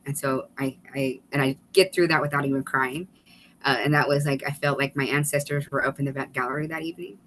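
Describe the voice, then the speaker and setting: Woman, webinar guest, animated storyteller, restarts and asides, light background noise. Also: rumbling low, rough recording. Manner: animated, fast-paced storytelling with laughs and restarts. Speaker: guest, author and former state legislator.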